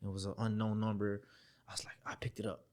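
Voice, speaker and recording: A young man telling a story as a podcast guest, acting out the voices he quotes, dropping to near-whispers and then jumping up loud. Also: on the low side, monotone, quick pace. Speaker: podcast guest, former football player. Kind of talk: storytelling in a casual interview.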